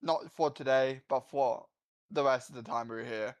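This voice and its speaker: Man, average pitch, eager player who stumbles over words. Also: steady tone. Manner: eager, halting questions. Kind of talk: casual tabletop game chat.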